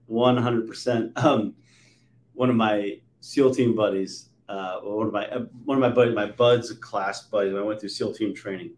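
A man in his forties hosting a podcast, telling stories with animated swings between loud and soft. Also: lowish voice, moderate pace. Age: 40s. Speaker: podcast host. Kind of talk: conversational interview. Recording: roomy echo.

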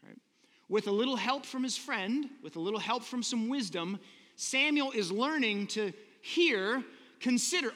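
A man's voice: sits high, animated, measured pace, bright, forceful tone, long reverb tail. A man preaching a sermon in a conversational, earnest way, often asking the listeners rhetorical questions. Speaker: pastor.

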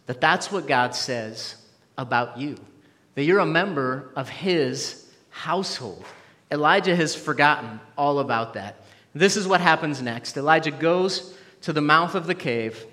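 A man's voice: fairly high pitch, animated, measured pace, sharp tone, big-room sound. A man preaching a sermon as pastor, earnest, reading scripture and making asides to the congregation. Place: church.

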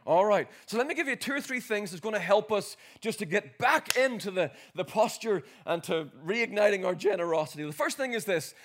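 Man, 40s, Northern Irish accent, preacher, sermon, storytelling, high voice, bright tone. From Northern Ireland. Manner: storytelling, rising to exhortation.

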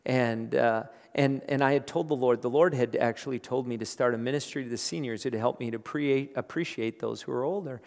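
A man preaching a sermon. He repeats his phrases and builds from quiet talk to loud, emphatic preaching. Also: mid-range voice, a little fast, vocal fry, hardly any pauses. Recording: long hall reverb.

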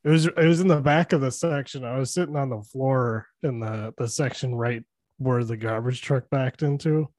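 A man's voice: medium pitch, normal speed, darkish tone, no echo. A man co-hosting a podcast, breaking down a movie in loose, profane chat and laughing often. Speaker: podcast co-host.

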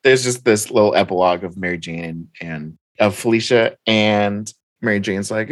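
A man's voice: fairly low pitch, normal speed, no echo. Man animatedly retelling a story. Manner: quotes characters in his own voice, laughs often. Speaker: podcast co-host recapping a story. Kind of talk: casual chat, animated retelling.

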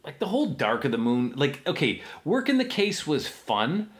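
A man riffing through a movie commentary podcast with crude jokes and a lively, swooping voice. He sounds a little tipsy, mocking the film as it plays. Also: a little high, moderate pace. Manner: crude, joking, animated riffing. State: tipsy from drinking. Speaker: podcast co-host. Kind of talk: casual movie commentary chat.

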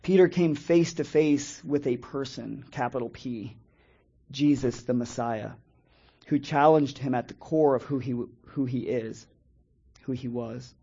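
A man preaching a Bible lesson in a measured way, reading scripture slowly and pausing often. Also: medium pitch, gravelly, mellow, breathy edge, lo-fi sound. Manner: measured, reads scripture slowly with pauses and restarts. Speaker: preacher teaching a Bible study. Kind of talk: sermon-style Bible teaching.

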